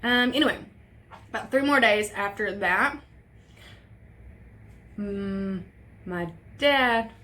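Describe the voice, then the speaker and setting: A woman's voice: mid-range voice, takes it slowly, long pauses, bright, forceful tone. A young woman telling a personal story on a vlog, casual and profane, with emotion in her voice. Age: young adult. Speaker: vlogger.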